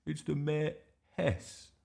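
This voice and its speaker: A man's voice: fairly high pitch, slow, vocal fry, mellow, voice pushed up, heavily acted. A man voicing a mischievous, stubborn six-year-old boy in a read-aloud storybook, indignant and protesting. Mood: boastful.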